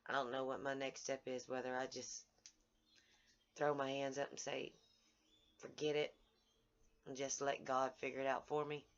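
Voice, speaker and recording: Woman, low voice, slow outraged video-diary rant, dull lo-fi audio. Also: little pitch movement, smooth. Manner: angry, outraged, halting with restarts. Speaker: vlogger.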